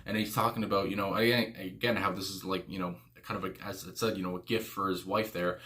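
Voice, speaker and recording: A man's voice: low-pitched, little pitch movement, quick pace, a bit bright. A man hosting a music reaction video, rambling casually with lots of "you know" fillers and frequent exclamations. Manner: exclaims "my God" often.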